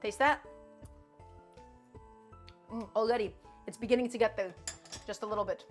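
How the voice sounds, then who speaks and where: A woman's voice: mid-range voice, steady tone, normal speed, soft background music. A woman streaming from her home kitchen, chatting and coaching viewers through each cooking step. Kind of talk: live-stream cooking chat.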